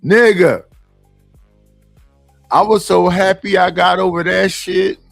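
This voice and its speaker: A man's voice: high voice, level tone, normal speed, gravelly, fairly bright tone, dry recording, faint music behind. A man talking casually on a podcast panel, blunt, profane and emphatic. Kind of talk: casual chat.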